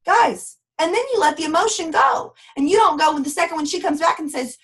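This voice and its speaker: A woman giving an energetic, preachy motivational training talk to her sales team. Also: very high-pitched, a little fast. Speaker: network marketing team leader.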